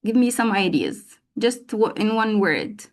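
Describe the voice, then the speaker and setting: A woman's voice: medium pitch, sing-song, measured pace. A woman teacher trainer leading a live online lesson, calling on participants by name and explaining teaching steps with frequent fillers.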